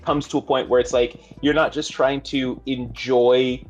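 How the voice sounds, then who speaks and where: A man co-hosting a gaming stream talks through his view in a thoughtful, measured way. His audio sounds a little dull and lo-fi, with soft music playing behind him. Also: medium pitch, flat delivery. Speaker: podcast co-host. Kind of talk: casual chat.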